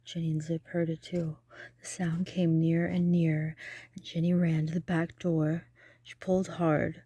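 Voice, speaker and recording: A woman reading a children's picture book aloud, with animated narration and soft, whispered asides about the pictures. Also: deep voice, normal speed, breathy edge. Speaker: reader.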